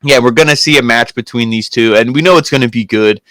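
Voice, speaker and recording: A man co-hosting a wrestling review podcast, chatting casually and acting out the quotes as he retells them. His voice is smooth and resonant, recorded dry and close with no room sound. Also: medium pitch, fast talker, no echo. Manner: animated retelling, acts out quotes. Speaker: wrestling show co-host.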